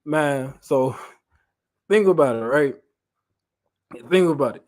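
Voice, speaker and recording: A man, leading an informal Bible study, animated and repeating phrases for emphasis. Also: a little high, slow pace, pauses often. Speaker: Bible teacher.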